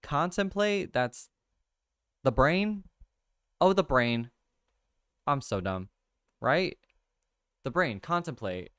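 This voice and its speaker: Slow, laid-back man streaming a crossword. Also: on the high side, expressive, clear, resonant tone, no echo, clean studio sound. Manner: thinks out loud, laughs often, reads viewer comments. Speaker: livestream host. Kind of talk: casual chat, solving a crossword with chat.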